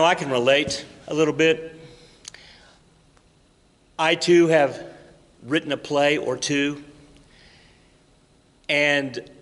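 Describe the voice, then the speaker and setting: A man's voice: a little high, bright, forceful tone. Playful man speaking in an echoey auditorium. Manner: playful, theatrical storytelling. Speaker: keynote speaker at a school induction ceremony. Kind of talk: recorded keynote speech. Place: high school auditorium, stage and control booth.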